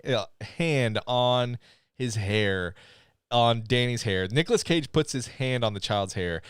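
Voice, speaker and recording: A man co-hosting a casual livestreamed movie review podcast, breaking into laughter often and talking excitably. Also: mid-range voice, slow, smooth, no echo, clean studio sound. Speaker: podcast co-host.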